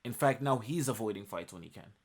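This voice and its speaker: A man's voice: lowish voice, animated, fast. A man reviewing a webtoon chapter in an enthusiastic recap, emphatic and repeating phrases for emphasis.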